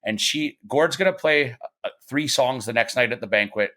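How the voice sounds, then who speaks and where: With an expressive, mid-range voice that sounds pushed and bright, a middle-aged podcast guest tells casual stories at normal speed. He rambles, restarts often, uses fillers, and performs the voices of the people he quotes.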